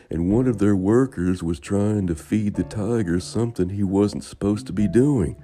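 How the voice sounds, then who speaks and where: A man voicing a chubby, bored male zookeeper who talks loudly from a distance. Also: lowish voice, pitched above the performer's own voice.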